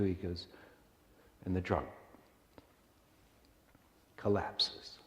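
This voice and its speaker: A man's voice: on the low side, takes it slowly, creaky, pauses often, a little mellow. A man, a minister, giving a reflective and earnest sermon told as a story, with small restarts. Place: church sanctuary. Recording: echoey church hall.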